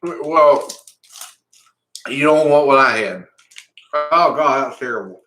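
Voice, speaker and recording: With his mouth on fire from a hot pepper, a male vlogger reacts on camera, groaning in pain, short of breath and slow-spoken. He has an animated, medium-pitched voice in a roomy-sounding space.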